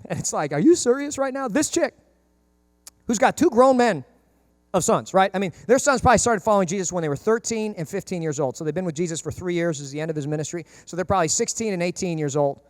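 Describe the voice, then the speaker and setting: A man preaching a sermon as pastor, animated and jokey, acting out characters in comic voices. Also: high-pitched, fast talker, dry recording, studio quality.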